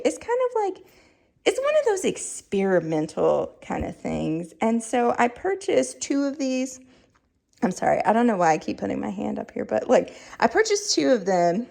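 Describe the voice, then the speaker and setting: Woman, reviewer-vlogger, comic and rambling, fry-edged voice. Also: on the high side, big pitch swings, measured pace, warm tone. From Southern United States. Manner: playful, rambling, comic storytelling with fillers. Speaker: candle reviewer. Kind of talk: casual storytelling review vlog.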